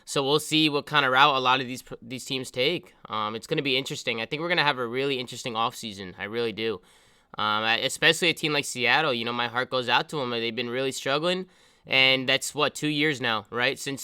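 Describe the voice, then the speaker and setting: A man co-hosting an esports podcast in casual chat, laid-back, swearing freely and laughing loudly. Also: medium pitch, fast talker, clean tone, no room sound, studio quality. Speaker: co-host of an esports show.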